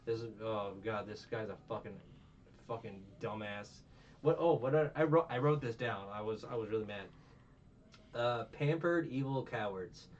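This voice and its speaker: Young man, casual podcast host, low voice, rambling and swearing, distant muffled mic, faint hum. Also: lively intonation, normal speed. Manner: rambling, swearing, retelling scenes. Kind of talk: casual anime review chat.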